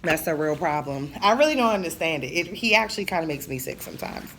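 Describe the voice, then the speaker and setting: A woman's voice: deep voice, lively intonation, fast, fairly bright tone, a little hiss or hum. A woman in her thirties venting in a casual monologue, blunt and profane, telling her story with jokes. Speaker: vlogger.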